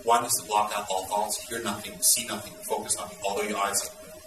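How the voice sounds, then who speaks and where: A man teaching Buddhist students in an intense, dramatic way, at times breaking into loud exclamations. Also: lowish voice, fast, roomy sound, far from the mic, soft background music, poor audio.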